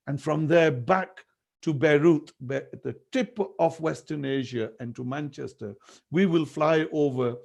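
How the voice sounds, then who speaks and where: A middle-aged man from England speaks earnestly in an academic webinar talk. His voice sits a little high for a man, and he tells stories with quoted dialogue over a video call. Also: darkish tone. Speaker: guest speaker.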